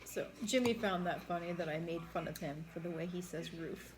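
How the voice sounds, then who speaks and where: A woman's voice: on the low side, fairly quick, background noise. A woman from New York with a New York accent, chatting casually and laughing on a mukbang stream, teasing and mimicking how friends talk. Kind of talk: casual chat while eating.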